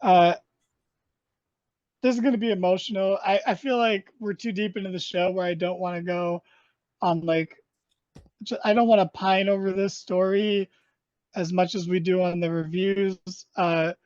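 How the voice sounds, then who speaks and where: A man's voice: sits high, steady tone, normal speed, a little mellow, no room sound. A man co-hosting a podcast in casual chat, rambling and joking with lots of fillers and restarts. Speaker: podcast co-host. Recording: dull, dry, lo-fi sound.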